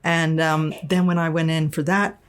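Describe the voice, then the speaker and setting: A woman's voice: low voice, level tone, moderate pace, clean tone. A woman from Arizona, a podcast guest, telling a personal story in a candid, frank way, with many restarts and some swearing. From Arizona, USA. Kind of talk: casual storytelling interview.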